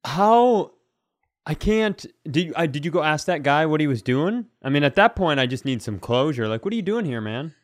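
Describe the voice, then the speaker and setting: A man's voice: fairly high pitch, big pitch swings, moderate pace, no echo, clean studio sound. A man co-hosting a podcast, reacting briefly and asking follow-up questions in casual chat. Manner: reacts with short interjections, asks follow-up questions. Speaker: podcast co-host.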